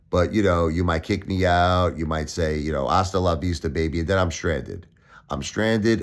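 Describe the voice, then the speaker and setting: Very deep-voiced older Brooklyn man. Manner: pleading and aggrieved, repeats phrases. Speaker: YouTuber. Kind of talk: monologue addressed to camera.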